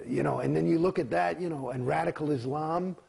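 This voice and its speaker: A man giving a candid interview in a heated, profane, rambling way, swearing often, in a gravelly, husky voice. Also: brisk. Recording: quiet, low-volume recording.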